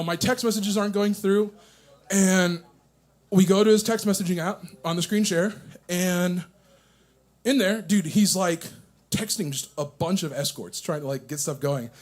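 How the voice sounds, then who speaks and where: A nervous young man doing a stand-up set at a coffee shop open mic, profane and self-mocking, chuckling at his own jokes. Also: high-pitched. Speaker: stand-up comedian.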